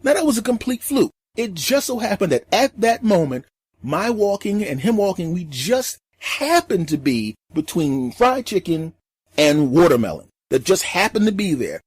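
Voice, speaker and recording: A middle-aged male comedian telling a story in an animated, emphatic way, acting out every scene. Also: high-pitched, a little slow, slightly rough. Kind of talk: comic storytelling.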